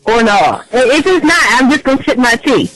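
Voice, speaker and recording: A woman's voice: sits high, big pitch swings, moderate pace, fairly bright tone, no room sound. A woman calling into a radio show, teasing the host in a playful way, heard over a noisy phone line. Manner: playful, teasing, laughs often. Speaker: caller.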